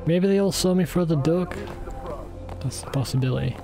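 A man gives casual gameplay commentary while streaming. He rambles, uses a lot of fillers, and pokes fun at himself. Game music plays clearly behind his voice. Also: a little high, moderate pace. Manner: rambling and self-deprecating, with many fillers.

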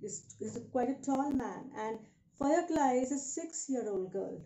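A woman's voice: sits high, lively intonation, unhurried, warm tone, slight background noise. A woman English teacher patiently explaining word meanings while reading a story aloud on a phone livestream. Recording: echoey room.

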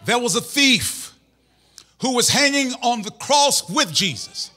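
A man preaching a sermon as pastor in a church, impassioned, shouting and half-singing phrases. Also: very high-pitched, animated, a little slow.

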